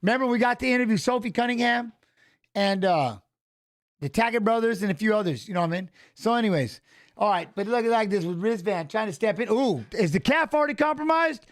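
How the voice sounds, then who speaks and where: A middle-aged man with a fairly high voice, a former fighter, hosts a casual live watch-along of a fight stream. He laughs a lot and stumbles over his words, then shifts into quick, excited coaching calls like a corner man.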